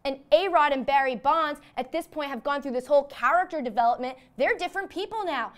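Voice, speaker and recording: A woman's voice: sits high, brisk, few pauses. Chatty young woman riffing a joke. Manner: rambling, peppered with "like". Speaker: comedy show host. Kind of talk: comedic monologue.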